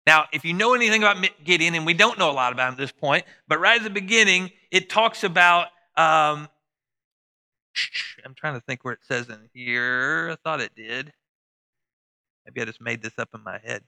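A pastor preaching a sermon in a conversational way, acting out the voices of Bible figures. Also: male voice, fairly high pitch, moderate pace, pushed and bright, smooth.

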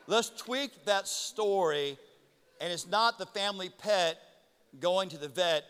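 A middle-aged man preaching a sermon as pastor, telling a story with animated outbursts. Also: high-pitched, slow, clean tone. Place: church auditorium. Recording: reverberant hall with music.

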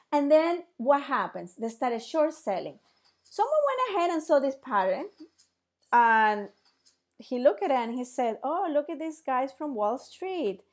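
Woman teaching casually, kinda high voice, keeps asking questions and acting out bits. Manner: animated, asks rhetorical questions, acts out little dialogues. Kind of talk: casual explainer lesson.

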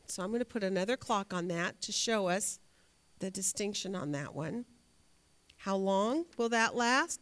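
A woman's voice: mid-range voice, animated, measured pace, a bit bright. A woman teaching a Bible study class, asking her students questions and reading scripture aloud.

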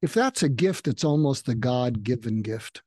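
Older man, mellow, dry close sound, podcast guest, explains and acts out lines. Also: mid-range voice, expressive, moderate pace, breathy edge, no echo. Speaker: psychiatrist guest. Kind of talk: conversational advice in a podcast interview.

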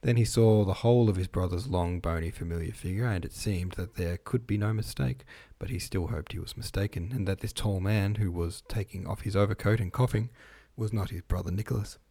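Low, mellow man reading a novel aloud. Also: fairly quick, hardly any pauses, breathy edge. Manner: relaxed, stumbles over long words and rereads; chatty asides between passages. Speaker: reader. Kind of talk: informal audiobook reading of a classic novel.

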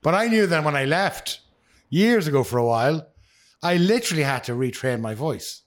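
A middle-aged man, co-hosting a podcast as a swearing, animated storyteller. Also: on the high side, moderate pace. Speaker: podcast co-host. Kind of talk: casual chat.

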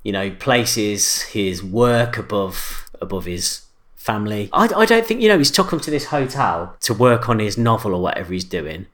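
A man's voice: lowish voice, sing-song, moderate pace, fairly bright tone. A man co-hosting a casual podcast chat, rambling and repeating himself as he talks. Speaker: podcast co-host.

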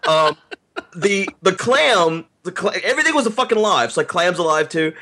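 A man's voice: high voice, very animated, fast, pushed and bright. Laid-back man hosting a podcast. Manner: laid-back, chuckles, trails off. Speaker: podcast host. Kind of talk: casual chat.

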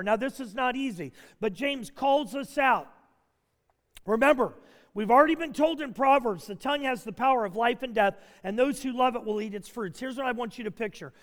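A male pastor preaching a sermon in an earnest way, now and then rising to shouts for emphasis. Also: very high voice, in a large hall.

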